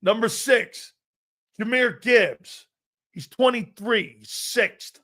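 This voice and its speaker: A man hosting a sports talk show, rambling through stories and growing animated as he reads out a list. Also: very high voice, slow pace. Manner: rambling storyteller, animated when reading a list. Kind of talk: casual sports talk monologue.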